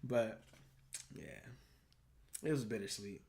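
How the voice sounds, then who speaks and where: A man's voice: fairly low pitch, takes it slowly, a little mellow. A man co-hosting a casual podcast, talking in laid-back slangy banter and swearing freely. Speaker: podcast co-host. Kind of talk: casual chat.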